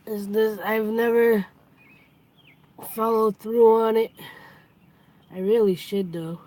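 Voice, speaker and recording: A woman's voice: on the high side, steady tone, slow pace, mellow, poor audio. A woman hosting a casual live stream, chatty, greeting and thanking her viewers as they come in.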